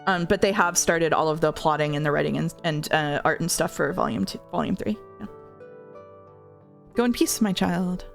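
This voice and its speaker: Woman streamer, lowish voice, gravelly fry, casual rambling chat, fillers and restarts. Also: brisk, few pauses, soft background music. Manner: chatty, rambling, lots of fillers and self-corrections. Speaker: streamer playing game demos. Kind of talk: casual gameplay commentary, reading dialogue aloud.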